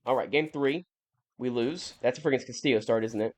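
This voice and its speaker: A man's voice: mid-range voice, a little fast, a little mellow. A young man giving casual, rambling commentary over a video game, often correcting himself and sounding mildly exasperated. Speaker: gaming YouTuber.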